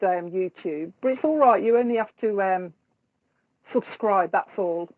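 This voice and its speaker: This woman's voice sits at a typical middle pitch as she hosts a live psychic stream, greeting viewers in casual chat and laughing easily between remarks. Everything comes through thin and tinny, like audio over a phone.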